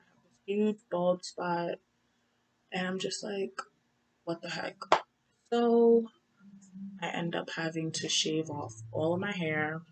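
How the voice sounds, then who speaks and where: Speaking in a creaky, fairly low voice, a young woman casually tells her story as a survivor, circling back over the same phrases. The recording quality is rough.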